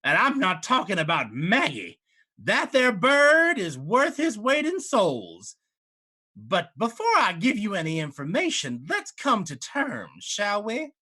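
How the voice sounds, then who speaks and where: A man voicing a greedy old female hag with claws, in a high, drawling, wheedling voice. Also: huge pitch swings, measured pace, bright, forceful tone, full character voice.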